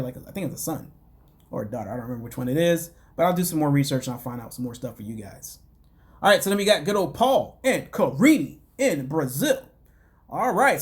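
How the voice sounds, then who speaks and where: A man casually recapping a reality show as a podcast host, rambling with lots of fillers and wry, dismissive asides. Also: on the high side. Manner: rambling, loose, full of "you know" and "like".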